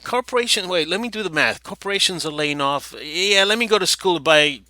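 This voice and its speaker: A man with a slightly high, somewhat quick voice hosts a talk-show podcast, reading an article aloud. He keeps veering into sarcastic, rambling commentary and breaks into loud mock voices.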